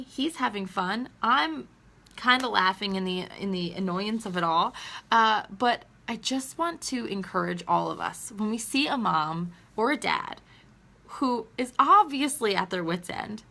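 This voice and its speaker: A woman's voice: mid-range voice, expressive, measured pace, creaky, sharp tone. A woman in her thirties talking earnestly to viewers on a phone live stream, laughing and fighting back tears. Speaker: teacher and mom livestreaming. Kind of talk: emotional live video chat.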